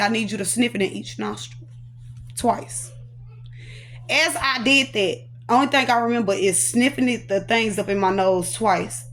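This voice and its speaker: A woman's voice: on the high side, fairly bright tone, a little hiss or hum. A woman, a prophetess, telling her personal testimony with earnest emotion, recounting it through quoted dialogue.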